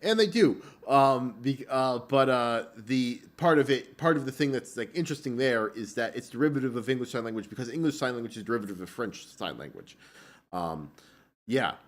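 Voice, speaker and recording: A man's voice: mid-range voice, expressive, normal speed. A man co-hosting a casual podcast, talking in a meandering way with many fillers and restarts. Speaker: podcast co-host. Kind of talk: casual chat.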